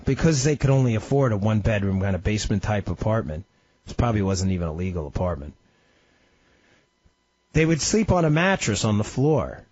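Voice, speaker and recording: Husky, lively radio host man. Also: brisk, no echo. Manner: emphatic storytelling with sudden pitch swings. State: slightly ill. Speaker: radio talk show host. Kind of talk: impassioned talk radio monologue. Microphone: studio microphone. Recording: dry, slightly dull radio studio audio.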